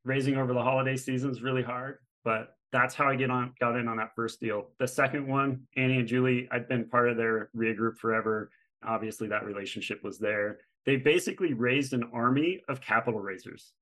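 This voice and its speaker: A middle-aged man speaks as a podcast guest, telling his story in a casual, animated way. His voice sits at an ordinary middle pitch, and he acts out the voices of the people he quotes as he goes. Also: a little fast, rough recording. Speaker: guest, real estate fund manager.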